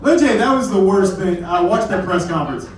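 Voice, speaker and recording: A man's voice: sits high, animated, fast talker. A young man from Kentucky doing a stand-up comedy set, rambling and self-deprecating with apologetic asides. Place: comedy club stage. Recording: very echoey room from far off.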